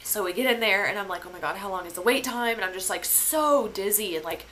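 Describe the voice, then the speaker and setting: A woman's voice: medium pitch, quick pace, fairly bright tone, a little hiss or hum. A young woman hosting a podcast, telling a personal story in a casual, emotional way, with lots of filler words and swearing. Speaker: podcast host.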